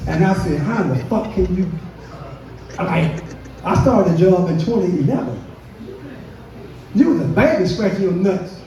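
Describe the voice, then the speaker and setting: A man with a warm, somewhat high voice performs a profane stand-up set on a brewery's comedy stage, telling a story from work and acting out the quotes. The recording is dull and echoey, picked up from across the room.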